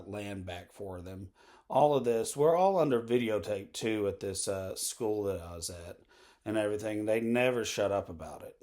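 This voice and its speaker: A man's voice: on the low side, darkish tone. A man talking straight to camera in a meandering monologue, full of fillers and asides. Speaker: vlogger. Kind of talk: rambling monologue.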